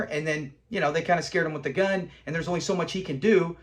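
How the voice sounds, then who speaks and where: Animated man reviewing a sitcom. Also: high-pitched, racing, hardly any pauses. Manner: animated, acts out lines from scenes. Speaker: show host reviewing episodes. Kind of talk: casual episode review.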